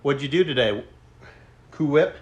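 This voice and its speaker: A man's voice: medium pitch, animated, a little slow. A man live-streaming from a gym, a bit out of breath from lifting. He talks loosely and jokes with viewers, reading their comments aloud. The sound comes from a camera mic. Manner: chatty, joking, reads out chat. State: out of breath between sets. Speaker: fitness streamer. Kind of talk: casual live-stream chat during a workout.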